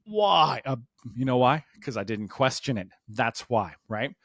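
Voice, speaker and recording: A man's voice: medium pitch, a little slow, gravelly, no room sound. Dry-voiced man telling a comic story. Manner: animated, acts out the voices of the people in his story. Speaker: stand-up comedian. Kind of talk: comedic storytelling.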